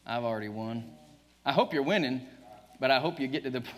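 Preaching fairly quickly but with long pauses, a Southern-accented pastor addresses his congregation emphatically, cracking jokes and chuckling a lot. His medium-pitched voice sounds pushed and bright, caught on a church livestream in the sanctuary with long reverb.

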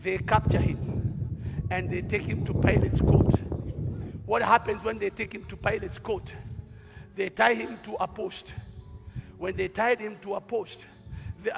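A man with a Kenyan accent preaching a sermon as a bishop, moving from calm storytelling to shouted declarations at a live church event. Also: high-pitched, gravelly. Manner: dramatic preaching that swings from quiet storytelling to shouting. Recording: live hall recording with long reverb and faint music.

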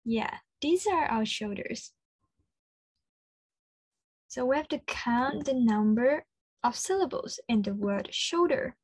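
A woman with an Australian accent leading an interactive children's lesson, slow and encouraging, full of praise. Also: fairly high pitch, lively intonation, breathy edge, no echo. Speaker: children's speech clinic presenter.

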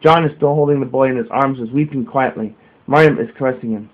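A man reading a religious text aloud slowly, adding small explanatory comments and restarts. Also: mid-range voice. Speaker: reader. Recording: narrow phone-like sound.

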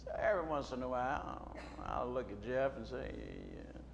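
A middle-aged man preaching a sermon as a pastor, moving between quiet storytelling and loud shouting. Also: mid-range voice, expressive, fairly quick, creaky, highs cut off. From United States. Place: church sanctuary. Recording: long hall reverb, faint room noise.

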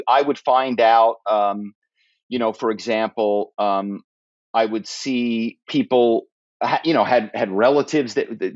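A man tells stories as a podcast guest and briefly acts out the people he spoke to on the phone. His voice sits in a middle register. The recording sounds dry and a little dull, with little high end. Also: darkish tone, no room sound. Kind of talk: animated storytelling interview.

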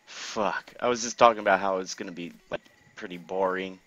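A man commentating his own gameplay casually, excitable, laughing and swearing often. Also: low voice, a little fast, dry recording, highs cut off.

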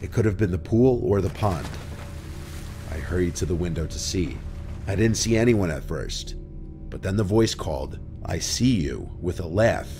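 Man, very low voice, calm measured narration, background music. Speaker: horror story narrator. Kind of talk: scripted first-person narration.

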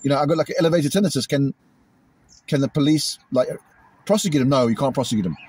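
A British man venting angrily in a vlog, repeating himself and imitating loud bangs, recorded outdoors. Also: medium pitch, lively intonation, fast talker, breathy edge, no room sound. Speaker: vlogger. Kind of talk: agitated monologue to camera. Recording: outdoors in a cemetery.

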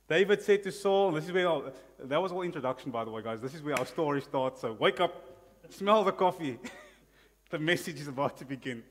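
Animated South African pastor preaching. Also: male voice, mid-range voice. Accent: South African English. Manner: animated, calls out hallelujah and amen. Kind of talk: sermon. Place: church. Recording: long reverb of a church hall.

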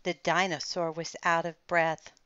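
A woman reads a children's picture book aloud, slowly and deliberately. Her voice is smooth and clear, recorded dry with a slightly muffled tone. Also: lowish voice, little pitch movement, a bit bright, no room sound. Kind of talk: storybook read-aloud.

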